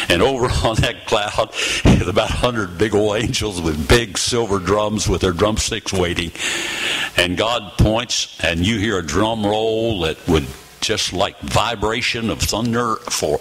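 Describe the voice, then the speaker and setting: An older man in his eighties preaches to a church congregation, his voice bright and forceful. He tells stories in an animated way, slowing down and pausing for effect. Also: on the low side, husky, low-quality recording. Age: 80s. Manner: animated storytelling, dramatic pauses and slowed phrases. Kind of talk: sermon.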